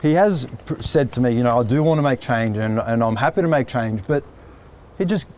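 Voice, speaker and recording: Stressed tradesman, halting speech. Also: medium pitch, a little mellow, a little hiss or hum. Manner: stressed, halting, says mate often. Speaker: tradesman on a building site. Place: building site outdoors.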